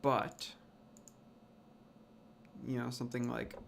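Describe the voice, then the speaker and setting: A man's voice: mid-range voice, little pitch movement, slow pace, vocal fry, slight background noise. A man thinking aloud as he builds a language, muttering, swearing and sounding out invented words again and again. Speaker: language creator. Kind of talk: thinking aloud while working.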